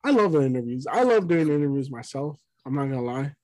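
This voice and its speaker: A man's voice: mid-range voice, animated, fast, dark tone, no echo. A man in his twenties co-hosting a podcast, laid-back and laughing often, swearing freely in casual chat. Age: 20s. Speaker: podcast co-host.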